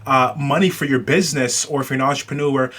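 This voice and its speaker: Bright-voiced American man hosting a podcast. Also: mid-range voice, slight background noise. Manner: halting, frequent filler pauses. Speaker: podcast host. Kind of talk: casual solo podcast monologue.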